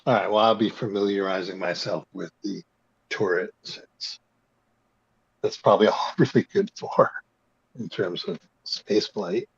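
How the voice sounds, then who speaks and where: A man's voice: deep voice, fairly even intonation, a little slow, vocal fry, slightly rough, dry recording, muffled recording. A man playing a tabletop game, making joking asides. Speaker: player. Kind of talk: casual tabletop play.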